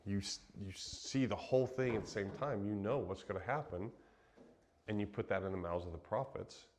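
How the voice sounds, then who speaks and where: Man with a somewhat low voice, from Western Kansas, relaxed conversational Bible teacher. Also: normal speed. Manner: relaxed, chatty, laughs easily, frequent ums. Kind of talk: casual Bible teaching chat.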